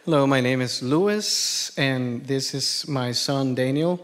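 A man introducing his family as a church planter from a stage, a bit off-mic. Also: mid-range voice. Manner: slow, measured introduction.

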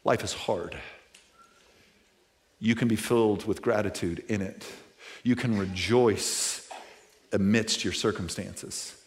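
A man preaching a sermon to a church audience in a casual, conversational way, full of fillers, swinging from loud to hushed. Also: fairly low pitch, slow pace, pauses often, a little hiss or hum. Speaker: pastor.

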